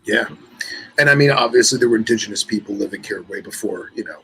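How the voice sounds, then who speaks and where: A man's voice: fairly low pitch, quick pace, gravelly, pushed and bright, breathy edge, low-quality recording. A man co-hosting a casual podcast chat, a little congested and nasal, rambling through stories and reading an article aloud. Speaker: podcast co-host.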